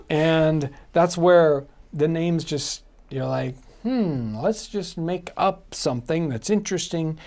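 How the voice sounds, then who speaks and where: A man's voice: fairly high pitch, takes it slowly, darkish tone. A man hosting a casual live stream chat, rambling along with restarts, fillers and laughs.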